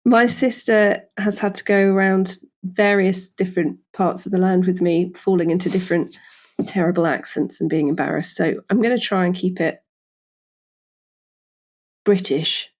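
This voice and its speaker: A woman's voice: lowish voice, steady tone, darkish tone. A woman hosting a podcast, chatting casually and jokily from a hotel room on a lapel mic, often correcting herself mid-sentence. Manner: chatty and jokey, with quick self-corrections. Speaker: podcast host.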